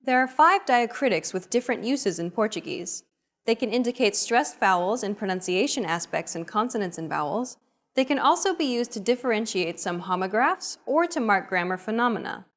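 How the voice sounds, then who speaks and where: A woman giving scripted explanations in a language lesson, in a plain, even tone. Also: a little high, fairly quick. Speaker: narrator.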